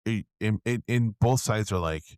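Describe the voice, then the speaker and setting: A man's voice: on the low side, moderate pace, a little mellow, dry recording. A man co-hosting a podcast, chatting casually and hesitantly, circling back on himself mid-thought. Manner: hesitant, many fillers and restarts. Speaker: podcast co-host. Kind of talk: casual chat.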